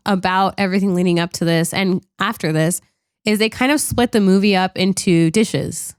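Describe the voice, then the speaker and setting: A woman co-hosting a podcast chats casually about a movie, animated and loose, dropping lots of "like" and the odd swear. Her mid-range voice moves at a moderate pace with a clean tone, recorded in studio quality with no echo.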